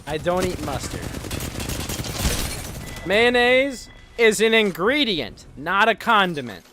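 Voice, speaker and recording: A man's voice: high voice, fairly bright tone, a little hiss or hum. A man, ranting and swearing during a casual livestream chat while gaming. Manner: ranting, exasperated, swears freely. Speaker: streamer.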